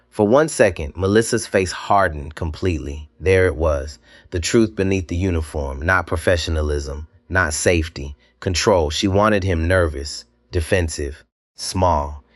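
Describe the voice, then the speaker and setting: A man narrating a dramatic scripted story, measured and slow, with deliberate pauses. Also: low voice, dry recording, clean studio sound.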